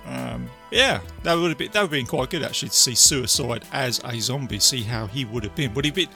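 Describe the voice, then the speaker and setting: A man talks through a film in casual chat, his voice gravelly and bright, with a habit of tacking on tag questions. Faint music sits under the conversation. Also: medium pitch, lively intonation, a little fast. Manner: tag questions, chatty and laughing.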